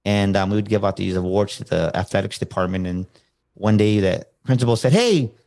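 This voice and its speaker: A man's voice: sits low, brisk, vocal fry. A man being interviewed as a motivational speaker, telling a personal story in a casual way and acting out what people said. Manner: animated, acts out quoted dialogue.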